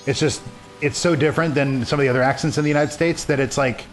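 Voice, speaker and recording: A man's voice: fairly high pitch, fairly even intonation, quick pace, faint music behind. A man co-hosting a casual gameplay video, rambling and restarting his sentences and reading game text aloud. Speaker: let's play co-host.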